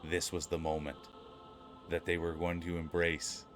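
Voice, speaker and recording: A man doing a sultry romance-book narrator, deep and hushed, slow drawn-out delivery, faint music behind. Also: little pitch movement. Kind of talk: dramatic romance reading.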